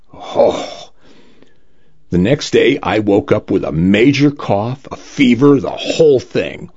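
Gravelly, slow-talking male storyteller. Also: lowish voice, a little mellow, highs cut off. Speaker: narrator. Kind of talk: first-person comic story reading.

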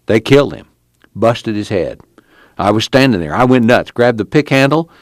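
A man's voice: medium pitch, animated, normal speed, no echo, clean studio sound, pitched above the performer's own voice, close to an everyday voice. A man voicing a battered, weary young farmhand in hiding, with a drawl and a tense, urgent delivery. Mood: tense, confessing.

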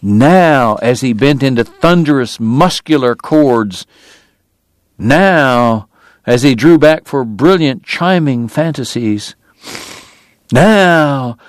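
A man narrating an audiobook in a measured, lyrical storytelling manner. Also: medium pitch, lively intonation, dry recording, studio quality. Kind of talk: scripted narration.

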